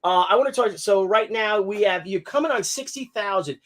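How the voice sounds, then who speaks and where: A man from New York, hosting a live stream with a high-pitched voice. He tells stories in an animated, loose way and throws in a curse or two. He sounds like he is on a video call. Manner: animated storyteller, swears, talks fast and loose. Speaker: host. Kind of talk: casual live-stream chat.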